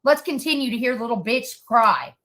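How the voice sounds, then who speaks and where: Profane ranting high-voiced woman. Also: lively intonation, normal speed, a bit bright. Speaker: commentary streamer. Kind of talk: angry reaction commentary.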